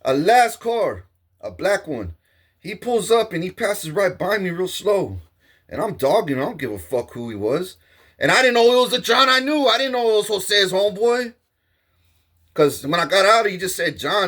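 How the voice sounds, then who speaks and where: A man's voice: high voice, big pitch swings, normal speed, a bit bright. A man telling a heated, profane story in a casual monologue. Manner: profane, streetwise, heated storytelling with acted quotes. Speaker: storyteller recounting a confrontation.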